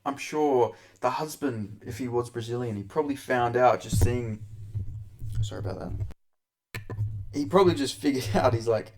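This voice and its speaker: A man's voice: medium pitch, moderate pace. Profane, rambling young male vlogger. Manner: crude, profane, rambling, laughs often. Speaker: MMA commentary host. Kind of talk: casual commentary vlog.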